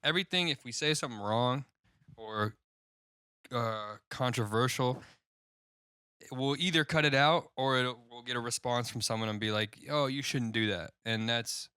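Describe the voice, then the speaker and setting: Smooth, bright-voiced podcast host. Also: male voice, mid-range voice, normal speed, dry recording, clean studio sound. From Indiana. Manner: laid-back, jokey, lots of laughing and quoted voices. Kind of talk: casual chat.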